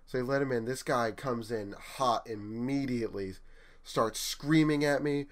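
A man's voice: medium pitch, measured pace. A young man spins a story from his retail job in loose, casual chat. He slips into the voices of customers and coworkers as he goes. His voice sits in an ordinary middle range. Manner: animated storyteller, acts out quotes. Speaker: retail store manager telling work stories.

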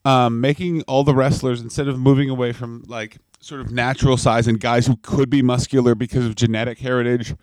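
A man co-hosting a comedy podcast, trading crude jokes in a deadpan way. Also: mid-range voice, a little fast, few pauses, no echo. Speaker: podcast co-host.

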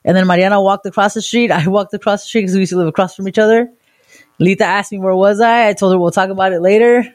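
A woman from Southern California, co-hosting a podcast and telling a wild story in a casual, profane, animated way. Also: mid-range voice, quick pace. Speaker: podcast co-host.

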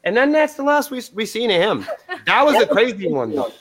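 Guesting on a podcast, this New Hampshire man, a band's point of contact, spins rambling, profane stories and acts out quoted lines in casual chat. His voice sits high, with huge pitch swings, a brisk pace, and a fairly bright tone; a little hiss or hum is audible.

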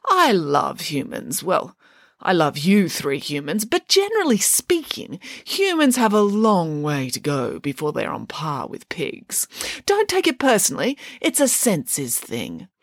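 A pompous, self-assured female pig nanny declaims her opinions , voiced by a woman narrator. Her pitch climbs and swoops grandly. The sound is dry and close. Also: wildly swooping pitch, unhurried, no echo, exaggerated voice. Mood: haughty.

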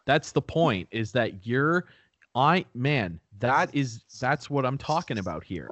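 A young man co-hosting a casual podcast, rambling through stories and acting out quotes in high squeaky voices. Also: slow pace, no echo. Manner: rambling, animated storyteller who acts out quotes in high voices. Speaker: podcast co-host. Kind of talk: casual chat. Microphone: new podcast microphone.

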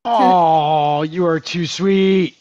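A man tattoo artist chats on a podcast over a video call, trading easy, teasing jokes. His voice sits fairly high for a man. The call audio is dull and lo-fi. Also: steady tone, very slow, a little mellow. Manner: jokey, teasing banter. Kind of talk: casual podcast chat.

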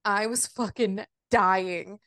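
A woman's voice: mid-range voice, fairly even intonation, slow pace, fairly bright tone, no echo, studio quality. A woman co-hosting a casual book podcast, laughing often as she recounts scenes. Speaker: podcast co-host.

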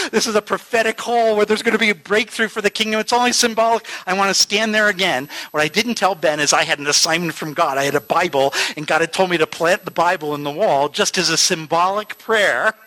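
A man telling a missionary adventure story, excitable and laughing often, acting out other people's lines. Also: on the high side, low-quality recording. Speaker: missionary guest speaker. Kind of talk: animated storytelling.

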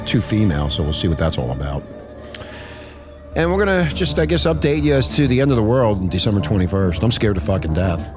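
A man's voice: lowish voice, big pitch swings, fast talker, music in the background. A man hosting a casual podcast, crude and swearing often while he reads news and jokes. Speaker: podcast host.

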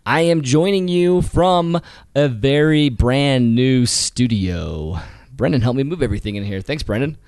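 A man's voice: medium pitch, unhurried, clear, resonant tone. A man hosting a casual photography podcast, talking with easy enthusiasm and frequent laughter. His voice is still recovering after an illness, and his words land close and dry with no room echo. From Utah. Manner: animated, laughs often, voices quoted people. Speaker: podcast co-host. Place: small new home studio.

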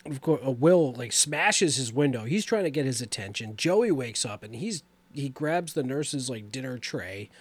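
A man's voice: mid-range voice, animated, normal speed, hardly any pauses, breathy edge, no echo. A man casually retelling a horror movie's plot in a loose, rambling way with lots of fillers. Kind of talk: casual movie recap chat.

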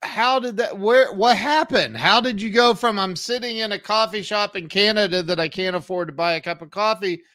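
A man's voice: sits high, normal speed, hardly any pauses, bright, forceful tone, no room sound, clean studio sound. A man hosting a podcast interview, eager and reactive, exclaiming along with the guest. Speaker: podcast host. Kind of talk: casual interview.

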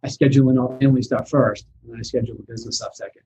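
A husky-voiced man who invests in real estate, talking casually and animatedly as an interview guest. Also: mid-range voice, steady tone, rapid-fire, dark tone, highs cut off, a little hiss or hum.

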